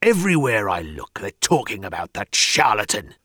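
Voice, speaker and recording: A man's voice: on the low side, very animated, normal speed, bright, forceful tone, breathy edge, no room sound, clean studio sound, exaggerated voice. A man putting on a bellowing, peevish Victorian detective. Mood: blustering. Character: irritable portly Victorian private investigator, pompous.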